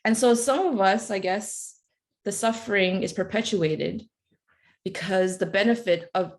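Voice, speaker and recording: A woman's voice: medium pitch, measured pace. A woman speaking on a webinar video call, telling stories in a casual, chatty way with many fillers. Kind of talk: casual storytelling in a motivational webinar.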